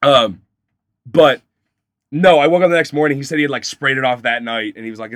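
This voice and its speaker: A young man telling a wild story in a casual podcast chat, animated and profane, swinging from loud excited bursts to low mutters. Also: fairly quick, pauses often, dry recording, clean studio sound.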